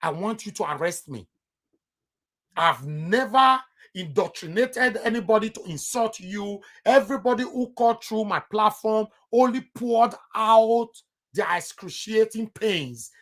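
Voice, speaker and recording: A man's voice: high-pitched, expressive, a little slow, a bit bright. A man with a Nigerian accent giving heated political commentary on his vlog, emphatic and repeating himself for stress.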